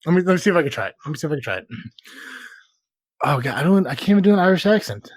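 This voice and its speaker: A man's voice: on the high side, big pitch swings, rapid-fire, breathy edge, dry recording. Rambling, swearing man in a dry recording. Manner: rambling, profane, self-deprecating. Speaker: podcast host. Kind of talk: casual live-stream banter.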